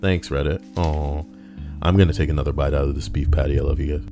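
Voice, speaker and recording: Streamer, male: a very low voice, reads posts aloud and adds crude jokes, with faint music underneath. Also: fairly even intonation, fast talker, warm tone. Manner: crude, joking asides between readings. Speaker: streamer reading online posts. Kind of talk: casual livestream reading.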